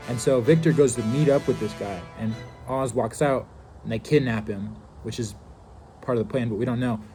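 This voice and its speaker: A man casually recapping a TV episode, rambling loosely with many fillers. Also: medium pitch. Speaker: TV show reviewer.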